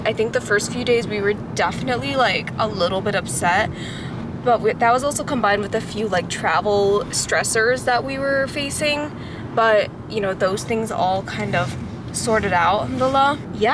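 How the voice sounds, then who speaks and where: A woman chatting casually to camera as a travel vlogger, filling her talk with frequent "like"s. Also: on the high side. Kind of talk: casual vlog chat to camera. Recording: background noise, outdoors and in car.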